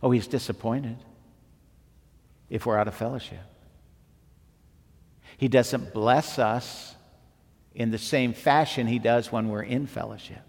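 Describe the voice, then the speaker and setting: A man preaching a sermon as pastor, slow and emphatic, rising at times to near shouting. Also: mid-range voice, fairly even intonation. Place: church sanctuary. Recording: long hall reverb, faint music behind.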